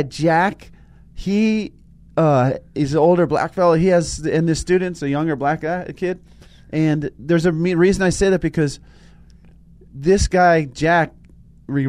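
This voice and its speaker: A man with a somewhat high voice speaks a little slowly as co-host of a casual spiritual talk show. He tells stories animatedly and restarts often.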